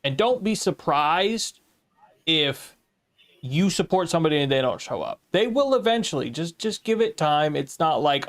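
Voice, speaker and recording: A man's voice: on the high side, expressive, normal speed. An American man co-hosting a podcast in casual chat, rambling and laughing often, with some swearing. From United States. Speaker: podcast co-host.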